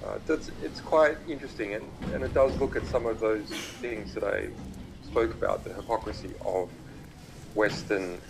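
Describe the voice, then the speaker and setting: A man giving a remote public talk over a video link, halting and full of fillers and restarts as he speaks. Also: lowish voice, vocal fry, noisy background. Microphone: video call played through a laptop speaker.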